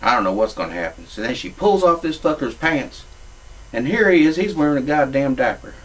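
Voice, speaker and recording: A man's voice: mid-range voice, big pitch swings, brisk, far from the mic, poor audio. Profane man spinning a crude yarn. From Louisiana. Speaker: comic storyteller. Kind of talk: crude comic monologue.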